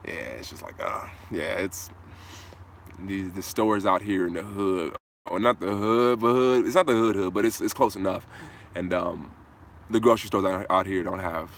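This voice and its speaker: Speaking at a normal speed in a low voice, a man hosts an informal outdoor live Q&A from a hand-held phone, with slight background noise. He keeps it slangy and easygoing while answering viewer comments.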